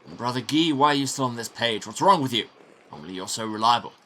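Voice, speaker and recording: A man plays a stern older prior in a game, scolding and contemptuous, his voice bright and swinging widely in pitch as he berates the scribes. A faint hiss sits under it. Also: expressive, quick pace.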